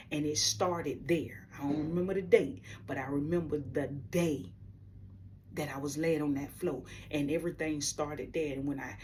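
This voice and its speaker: A woman with a deep, low-pitched voice tells her personal faith testimony in a candid, slangy storytelling way. She talks straight to her viewers as she goes. Her voice sounds set back from the mic. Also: a little mellow, recorded from a distance, slight background noise. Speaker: vlogger sharing a faith testimony.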